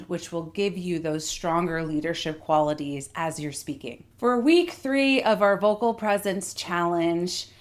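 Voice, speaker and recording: A middle-aged woman voice coach giving a clear, articulate instructional lesson that demonstrates vocal techniques. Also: lowish voice.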